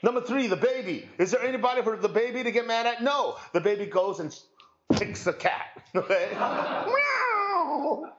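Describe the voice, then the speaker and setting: A male pastor preaching a sermon, telling a parable in a lively, humorous storytelling way and acting out the quotes. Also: sits high, a little fast, reverberant, muffled recording.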